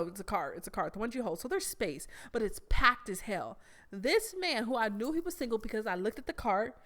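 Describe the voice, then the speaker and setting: A young adult woman, hosting a podcast and telling a story in a blunt, animated way with plenty of swearing. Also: fairly high pitch. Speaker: podcast host. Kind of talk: casual storytelling monologue.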